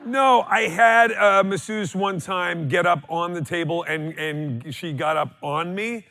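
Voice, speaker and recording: A man's voice: high voice, measured pace, pushed and bright. A man co-hosting a live comedy podcast on stage, bantering dryly and jokingly defending himself. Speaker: podcast co-host.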